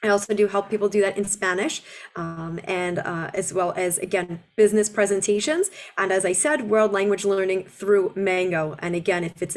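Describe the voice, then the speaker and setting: A woman in her forties, an accent reduction coach, giving a webinar presentation and slowing down to model pronunciation. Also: medium pitch. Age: 40s. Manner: explanatory, slows down to model pronunciation.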